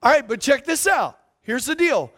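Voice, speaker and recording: A man's voice: very high voice, sing-song, moderate pace, fairly bright tone. A man preaching a sermon as a pastor, emphatic and repetitive, often asking the congregation for responses.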